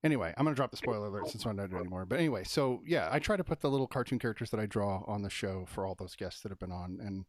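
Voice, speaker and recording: A man hosting a casual movie review live stream, thinking out loud and talking fast with lots of fillers. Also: on the low side, lively intonation, no echo, studio quality.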